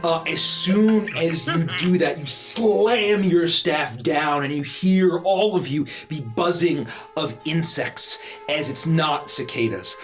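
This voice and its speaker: A man narrating a tabletop game as game master in an animated, repeating storytelling manner. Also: on the high side, takes it slowly, over music.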